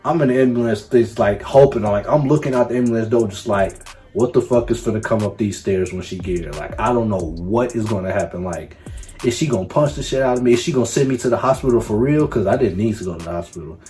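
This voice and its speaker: A young man telling a story on his vlog in a casual, profane, animated way, full of slang. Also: mid-range voice, quick pace, faint music behind. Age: young adult. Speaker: YouTuber.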